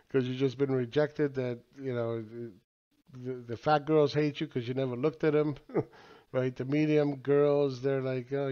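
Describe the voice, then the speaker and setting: A man giving casual, crude market commentary, rambling with filler words, profanity and laughs. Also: mid-range voice. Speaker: market analyst. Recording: slightly dull lo-fi audio.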